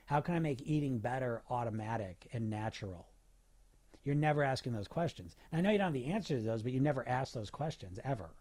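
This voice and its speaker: A man coaching on weight loss in a loose, motivational podcast talk, his voice at an ordinary middle pitch for a man. He keeps asking his listeners rhetorical questions and speeds up when he gets going. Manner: animated, asks rhetorical questions, fillers and restarts.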